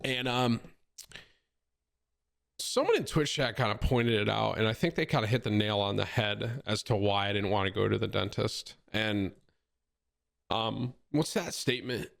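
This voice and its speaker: A man's voice: lowish voice, lively intonation, normal speed, gravelly, fairly bright tone. A man in his thirties, a streamer chatting casually with his viewers and telling a rambling, joking story full of slang. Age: 30s.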